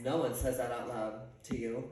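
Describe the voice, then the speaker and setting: A man, a theater teacher, telling a story in an animated, dramatic way with sassy asides. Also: mid-range voice, normal speed, recorded from a distance, a little hiss or hum. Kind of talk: casual storytelling. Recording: echoey room, off-mic.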